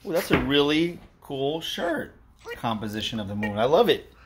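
A man hosting a family vlog at home, talking in an animated, encouraging way and praising his son. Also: medium pitch, moderate pace, background noise. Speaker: family vlog host and father. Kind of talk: casual family chat.

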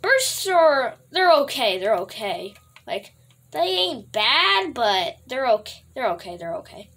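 A woman with a high voice gives excitable gameplay commentary, her pitch leaping up and down as she reacts. She draws her words out at an unhurried pace, laughs often and trash-talks her friends playfully. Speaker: gaming video host.

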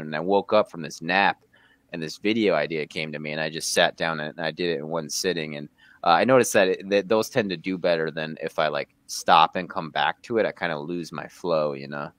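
A young American man with a very low voice talks through an interview in halting, stop-start sentences. The recording is dry and close, with no room sound. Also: steady tone, fairly bright tone, no echo. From United States. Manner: hesitant, many restarts and fillers. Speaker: guest. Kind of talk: casual conversation.

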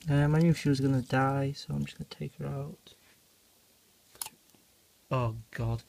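A man's voice: mid-range voice, little pitch movement, fairly quick, creaky, a little mellow. A man filming a casual phone vlog about his insect collection, squeamish and swearing as he freaks out. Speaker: reptile keeper vlogger. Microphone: phone camera.

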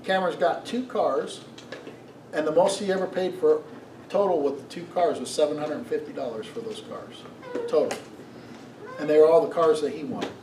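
A middle-aged man preaching a sermon as pastor, telling stories in an animated way and asking the congregation questions. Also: on the high side, moderate pace, a little hiss or hum. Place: church sanctuary. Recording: echoey room, mic from a distance.

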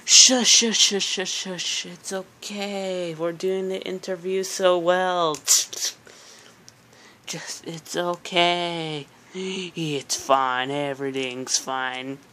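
A woman's voice: lowish voice, fairly even intonation, drawn-out words, a bit bright, a little hiss or hum. A woman voicing a smug male doctor interviewer with a pink mustache, pompous and falsely soothing in a comedic parody. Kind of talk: comedic parody role-play.

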